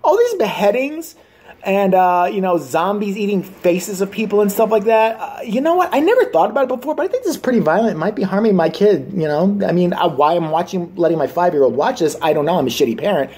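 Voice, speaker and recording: Guy doing a squeaky whiny clueless parent, totally over the top. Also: big pitch swings, fast talker, darkish tone, husky, exaggerated voice. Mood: whiny mock. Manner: mocking, exaggerated whiny falsetto. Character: clueless shrill complaining parent, adult man.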